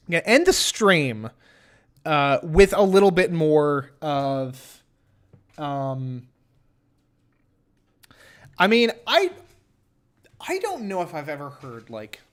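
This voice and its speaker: A man streaming a game live, chatting in a rambling way, stammering through restarts and swearing casually. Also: high voice. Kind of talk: live gameplay commentary.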